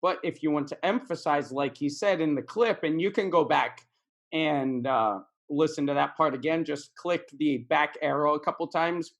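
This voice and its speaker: A man's voice: a little high, moderate pace. A man teaching English in a casual video lesson, repeating words and phrases for practice.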